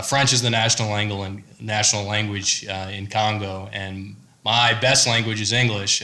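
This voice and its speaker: An American man, a startup founder on a panel, giving a measured, explanatory answer. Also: on the low side. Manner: measured, explanatory, steady delivery.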